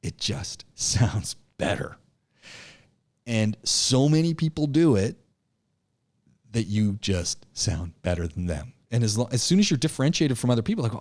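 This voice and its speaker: A man teaching a public speaking class. He talks in an animated way, often repeats words and restarts sentences, and swings between loud emphasis and a low, quiet voice. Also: brisk. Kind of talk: classroom lecture.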